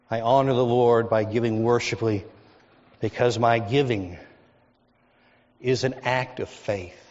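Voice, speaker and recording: Texan man, pastor, high voice, sermon in a big reverberant church, muffled recording. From Texas. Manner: storytelling with emphatic repetition and lists. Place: church sanctuary. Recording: dull lo-fi sound with long hall reverb.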